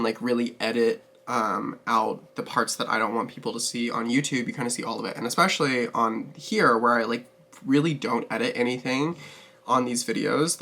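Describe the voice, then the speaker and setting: A man's voice: medium pitch, creaky, bright, forceful tone. A man hosting his own beauty vlog, chatting casually and expressively while doing his makeup, swearing freely and laughing often. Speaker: beauty vlogger host.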